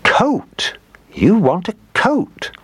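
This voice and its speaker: A man voicing a kindly old woman who dotes on her dog, in a storybook reading, with high fluttery exclamations. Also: wildly swooping pitch, slow pace, vocal fry, fairly bright tone, slightly rough, no echo, heavily acted. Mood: delighted.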